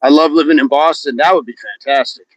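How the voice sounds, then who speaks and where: A man's voice: on the high side, fairly even intonation, brisk, no room sound. Male fitness streamer, upbeat and jokey, reading chat aloud mid-workout; dry, muffled recording. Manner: upbeat, reads viewer comments aloud and jokes about accents. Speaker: livestream fitness host. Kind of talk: casual livestream chat while exercising. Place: outdoors in wind.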